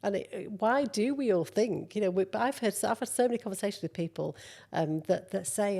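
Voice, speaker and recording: A woman's voice: medium pitch, fairly quick, vocal fry, few pauses. A middle-aged woman, a model, speaking candidly as a guest in a conversational interview. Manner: candid, animated storyteller.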